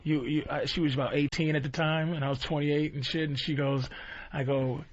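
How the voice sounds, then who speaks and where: A man's voice: on the high side, little pitch movement, brisk, no room sound. A man in his thirties, a guest on a radio show, telling crude stories bluntly in casual chat and acting out other people's voices. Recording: dull lo-fi radio recording.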